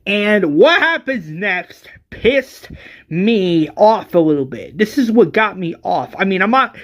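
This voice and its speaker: A man giving a casual, exasperated movie review, animated and full of restarts and hesitations. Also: high-pitched, takes it slowly.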